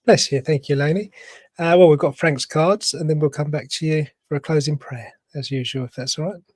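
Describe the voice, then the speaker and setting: A man hosting an online church service, introducing the next part with gentle, even-toned presenting. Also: a little high, brisk, no room sound.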